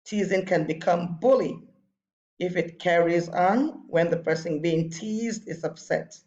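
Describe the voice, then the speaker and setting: Woman teacher, unhurried lesson for kids, muffled lo-fi sound. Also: lowish voice, darkish tone. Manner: patient, repeats points for young pupils. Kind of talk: recorded lesson for children.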